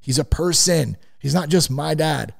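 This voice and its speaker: A man's voice: a little high, expressive, measured pace, vocal fry. A man hosting a casual faith-based sobriety podcast, talking in a conversational way and sidetracking into self-mocking jokes. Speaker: podcast host.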